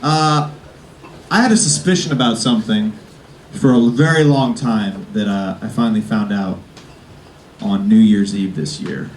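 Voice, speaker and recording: Man doing a stand-up warm-up set. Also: fairly low pitch, moderate pace, far from the mic, slight background noise. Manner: hesitant, filler-heavy delivery with self-aware jokes. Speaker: stand-up comedian warming up the crowd. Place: comedy club stage before a live audience. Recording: roomy live club sound from off-mic.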